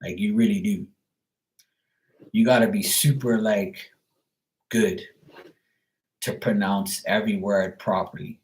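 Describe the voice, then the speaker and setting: A Bermudian man with a low-set voice talks loosely on a live stream. He rambles through his thoughts, leaning on "like" and dropping casual swears. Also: fairly even intonation, slow pace, pauses often, rough recording. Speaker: tarot reader, live streamer.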